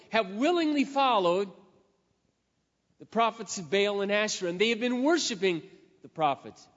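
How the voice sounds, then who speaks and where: Preaching in an extremely high voice, a man tells a scripture story dramatically, moving between loud stretches and quiet asides. The hall is reverberant and the sound is dull and lo-fi.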